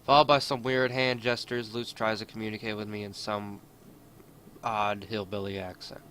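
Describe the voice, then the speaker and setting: Man reading a game story aloud, bright low voice. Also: little pitch movement, moderate pace, a little hiss or hum. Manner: first-person storytelling with asides. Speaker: gamer reading a visual novel aloud.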